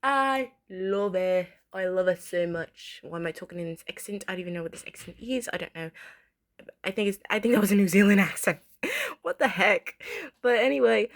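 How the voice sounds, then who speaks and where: A woman in her twenties reviewing a cartoon episode in a casual, excitable way, gushing and repeating herself as she talks. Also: medium pitch, fast talker, vocal fry.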